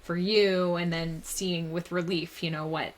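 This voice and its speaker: Woman podcast host, lowish voice, sympathetic interviewer, faint background hiss. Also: steady tone, a little slow.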